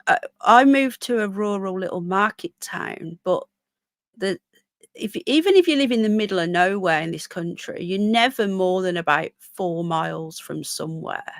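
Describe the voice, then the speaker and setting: A woman's voice: medium pitch, lively intonation, normal speed, no echo. Chatty Birmingham woman live streaming. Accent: Birmingham English. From England. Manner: chatty, rambling, reads out viewer comments. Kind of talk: casual live stream chat.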